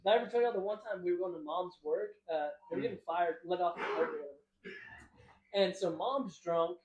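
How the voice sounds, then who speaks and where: High-voiced young man telling rambling stories. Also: a little fast, a little mellow, roomy sound, highs cut off. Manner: rambling, laughing, acts out quotes. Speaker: podcast co-host. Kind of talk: casual storytelling.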